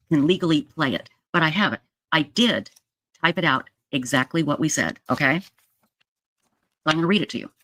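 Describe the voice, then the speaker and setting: A woman telling viewers a true crime story in a casual, animated way, jumping up in pitch for emphasis and checking in with "okay?". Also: no echo. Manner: addresses viewers directly with frequent "okay?". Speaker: true crime video commentator.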